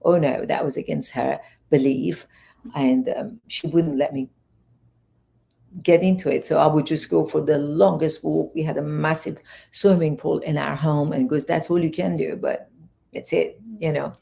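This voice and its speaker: A low, gravelly woman from Iran tells her story as an interview guest. Her voice is dark and mellow. She rambles, restarts and acts out the people she quotes. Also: moderate pace. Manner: rambling, animated retelling with many restarts. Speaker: guest, fitness and wellness coach.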